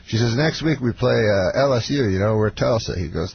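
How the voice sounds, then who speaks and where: Canadian comic in his fifties, slow deadpan raconteur with fillers, mid-pitched, heard over a dull, noisy radio line. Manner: halting deadpan delivery with many fillers. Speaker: comedian guest. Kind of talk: storytelling on a talk radio show. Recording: dull radio broadcast with noise.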